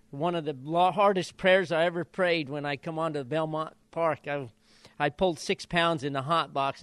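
An older man from Idaho, a retired jockey, telling stories in an interview and acting out quotes in high voices. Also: smooth, no echo. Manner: animated storyteller, acts out quotes in high voices. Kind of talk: storytelling interview.

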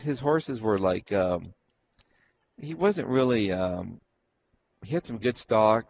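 With a low voice full of vocal fry, an Arizona man takes his time recalling his racing days as a jockey in a casual interview. He's lively in the telling, acting out the dialogue. Faint noise sits in the dull, lo-fi sound.

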